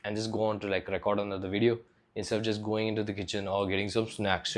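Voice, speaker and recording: A man's voice: on the low side, level tone, fast. A young man from India talking casually to camera as a fitness vlogger, rambling loosely with lots of filler words and swearing.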